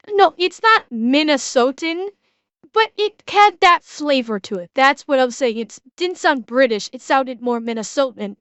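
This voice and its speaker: A Canadian woman streaming herself reacting to a video, chatty and quick to laugh, with lots of restarts and casual swearing. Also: high-pitched, a bit bright, clean tone, dry recording. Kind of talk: casual live-stream chat.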